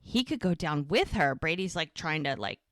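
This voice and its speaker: A woman's voice: sits low, sing-song, normal speed, fairly bright tone, dry recording, clean studio sound. A woman co-hosting a podcast, casually recapping episodes and acting out the characters' lines. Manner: retells scenes, acting out lines with "he goes". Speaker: podcast co-host.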